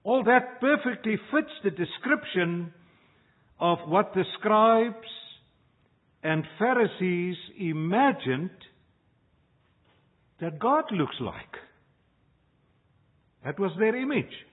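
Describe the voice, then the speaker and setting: Male pastor, high husky voice, unhurried sermon delivery, tinny lo-fi sound. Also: big pitch swings. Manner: slow, measured preaching with dramatic pauses.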